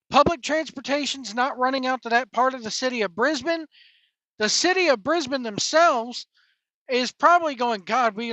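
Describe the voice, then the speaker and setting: A man's voice: very high voice, sharp tone, no echo, highs cut off. A man hosting a wrestling podcast, giving a rambling, opinionated commentary monologue that repeats itself.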